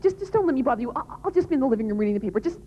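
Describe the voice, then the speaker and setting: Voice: high voice, sing-song, rapid-fire, mellow, in a large hall. A woman speaker acting out a betrayed spouse who answers with sarcastic politeness. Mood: mock-polite. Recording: dull, lo-fi recording.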